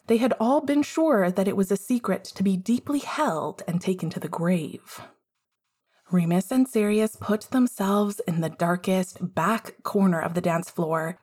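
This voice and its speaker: A woman narrating a fan fiction story aloud in an expressive, measured way. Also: lowish voice, slightly rough. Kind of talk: fan fiction audiobook reading.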